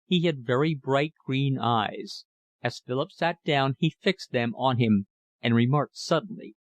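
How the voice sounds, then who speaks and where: A man's voice: mid-range voice, unhurried, no echo. Man reading a classic novel aloud. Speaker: audiobook narrator. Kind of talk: scripted audiobook narration.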